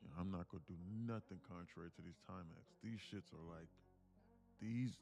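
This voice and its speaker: A man day trading on a live stream, talking to himself in low mutters and sudden excited bursts, laughing often. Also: fairly quick, creaky, soft background music. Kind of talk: casual live-stream commentary.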